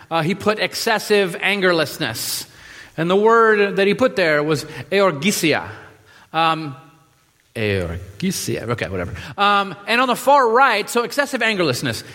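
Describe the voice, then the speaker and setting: A man preaching a sermon in a relaxed, joking way, with many fillers and restarts. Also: high-pitched, normal speed. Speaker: pastor. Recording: reverberant hall.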